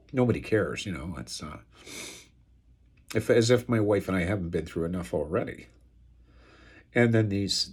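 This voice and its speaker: Husky, aggrieved man ranting. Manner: aggrieved and angry, rambling with many fillers; turns loud and high-pitched when outraged. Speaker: video blogger airing an estate dispute. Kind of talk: unscripted monologue to camera.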